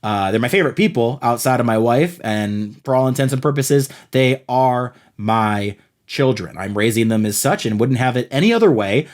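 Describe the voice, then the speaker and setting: A male podcast host spins a loose, rambling comedic monologue at an ordinary pitch. He keeps poking fun at himself, trailing off into fillers and tangents before landing the next joke. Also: expressive, normal speed. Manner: self-deprecating, rambling storyteller.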